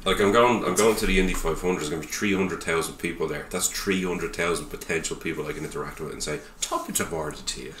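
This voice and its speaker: A man's voice: sits low, fast talker, few pauses, echoey room, recorded from a distance, slight background noise. A man co-hosting a podcast, telling jokey, sweary stories in casual chat. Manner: joking, sweary, animated storytelling. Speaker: podcast co-host.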